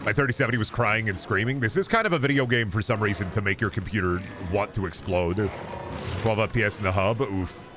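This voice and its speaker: A man's voice: lowish voice, a little fast. A young man casually commentating his gameplay, rambling, joking and swearing freely. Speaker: streamer. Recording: game music playing behind.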